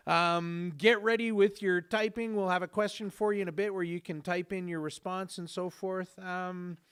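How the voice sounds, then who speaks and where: A man in his forties hosts a casual podcast in a relaxed, joking way. His voice is smooth and resonant and sits a little high for a man. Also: moderate pace. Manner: jokey, easygoing, with fillers. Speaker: podcast host.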